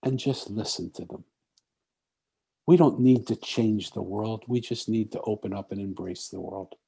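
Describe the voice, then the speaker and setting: A man's voice: lowish voice, normal speed, creaky, mellow, breathy edge. A man giving an inspirational talk at a conference, telling a story and acting out what the people in it said. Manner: storytelling, acts out quoted speech. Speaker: speaker.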